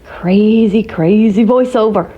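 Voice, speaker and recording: A woman's voice: medium pitch, takes it slowly, dark tone, slightly rough, highs cut off. A woman from Ohio chatting casually to her viewers, giggly and teasing as she talks. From Ohio, USA. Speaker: vlogger. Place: home.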